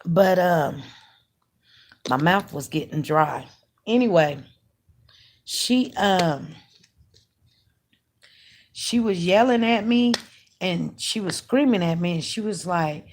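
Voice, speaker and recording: A woman's voice: lowish voice, animated, measured pace, pauses often. A woman who runs an online news channel, chatting emphatically and casually to her viewers as she tells a story. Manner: chatty, emphatic, talks straight to her audience.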